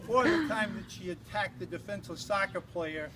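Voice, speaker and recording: A man's voice: high-pitched, very animated, moderate pace, very noisy. An older man giving a humorous toast at an engagement party, a rambling, teasing storyteller who restarts often.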